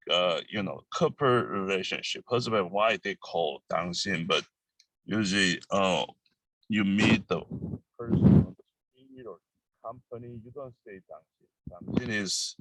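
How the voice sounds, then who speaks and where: A man's voice: on the low side, fairly bright tone, no echo, rough recording. Korean man teaching a language lesson. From Busan, South Korea. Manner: slow, halting English with many fillers, crisp repeated drill phrases.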